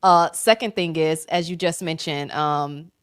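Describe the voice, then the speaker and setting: A woman hosting a talk show, lively and folksy, chatting with a guest. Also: low-pitched, a little slow, clear, resonant tone, no echo, clean studio sound. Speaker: show host. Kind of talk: casual interview chat.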